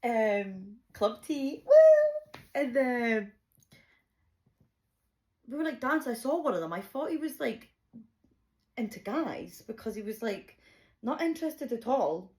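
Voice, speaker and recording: A young woman telling a chaotic personal story, animated and swearing freely, laughing often. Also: fairly high pitch, measured pace, long pauses. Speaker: vlogger. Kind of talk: casual storytime.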